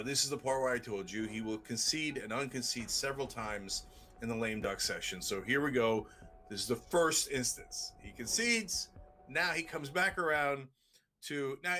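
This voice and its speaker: A man hosts a political talk show with a bright, forceful voice. His delivery is sarcastic and mocking, with quick jabs at his subject. Faint music plays under his talk. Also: mid-range voice. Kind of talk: political commentary.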